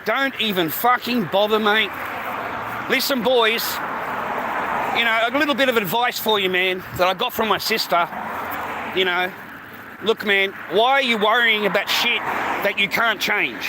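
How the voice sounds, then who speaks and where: A swearing Australian man in his fifties, ranting in a fairly high voice on a phone livestream. Street traffic and outdoor noise are loud behind him. He is blunt and repetitive and keeps calling the listener mate. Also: measured pace, pauses often. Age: 50s.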